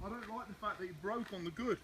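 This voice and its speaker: A man's voice: sits high, fast, very noisy. A man, a dog trainer explaining his method and giving short, firm commands during an outdoor demonstration.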